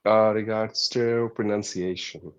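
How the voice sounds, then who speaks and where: A man with a mixed Indian, American and British English accent speaks as a learner on a video call. His voice sits somewhat low, and he talks politely, pausing often on "uh". The call audio sounds dull and slightly muffled. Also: steady tone, smooth. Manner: hesitant, frequent "uh" fillers, polite. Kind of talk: online coaching session.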